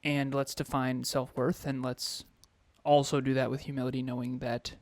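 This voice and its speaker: A man co-hosting a podcast as a coach, speaking in a measured, deliberate way about personal growth. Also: medium pitch, level tone, no echo. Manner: playful, laughing easily, then measured and deliberate when explaining. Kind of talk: casual podcast chat.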